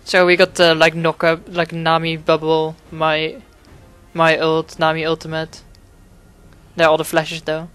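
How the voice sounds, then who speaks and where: A man's voice: fairly high pitch, monotone, unhurried, a bit bright, clear, resonant tone, faint music behind. A man giving casual gameplay commentary, rambling and swearing a lot, with frequent fillers and restarts. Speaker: gaming commentator.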